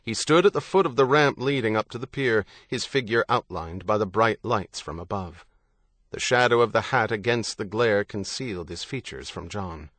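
A man narrating a thriller audiobook in a steady, measured way. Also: fairly low pitch, dry recording. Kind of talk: scripted narration.

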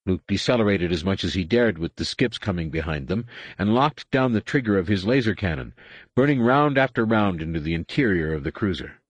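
Low, animated male narrator. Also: a little fast, husky, dry recording. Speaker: audiobook narrator. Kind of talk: scripted narration.

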